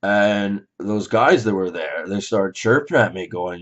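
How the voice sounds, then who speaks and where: A Canadian vlogger recounts a dream in a rambling, hesitant way, packed with fillers and restarts. His low, fairly bright voice moves a little slowly with few pauses, and the lo-fi recording sounds slightly dull.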